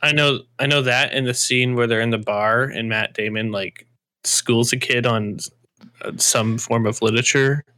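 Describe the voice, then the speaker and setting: Bright-voiced young man asking questions. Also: mid-range voice, steady tone, dry recording. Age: 20s. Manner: quick to jump in with questions. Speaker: podcast co-host. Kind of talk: casual chat.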